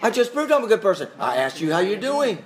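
A man's voice: high voice, sing-song, fast. A man teaching a Bible class who questions his listeners in a conversational way and chuckles often.

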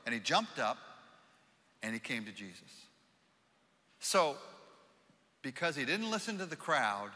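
A pastor preaching a sermon, swinging from loud calls down to soft near-whispers. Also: male voice, mid-range voice. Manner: dynamic, swings from shouting to hushed whispers. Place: church auditorium. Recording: reverberant church hall.

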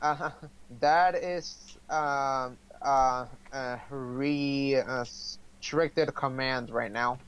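A man's voice: mid-range voice, steady tone, very slow, a bit bright, clean tone, rough recording. A man hosting a livestream of a game, chatting casually, hesitant with fillers. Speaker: streamer host. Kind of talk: casual gaming chat on a livestream.

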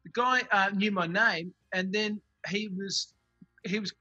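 Australian male co-host, high bright voice, slightly husky, dry video call sound; casual storyteller. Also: fairly even intonation, dry recording, lo-fi sound, faint music behind. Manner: chatty, quick anecdotes. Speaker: comedy co-host.

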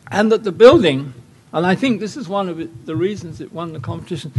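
Older English guest lecturer, dry wit, digressive anecdotes, slightly high pitch. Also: male voice, lively intonation, fairly quick, darkish tone, slightly rough. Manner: wry, anecdotal, rambling asides. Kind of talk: lecture with slides.

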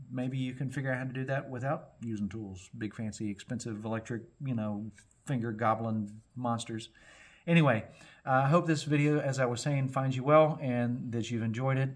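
A middle-aged man making a flute, giving a casual, rambling workshop tutorial in a folksy way. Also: medium pitch. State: a little out of breath. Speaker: flute maker and channel host.

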